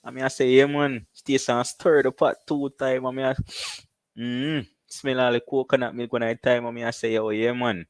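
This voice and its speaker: A Jamaican man hosting a casual live stream, chatting loosely and giving shout-outs to viewers. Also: medium pitch, level tone, moderate pace, no echo.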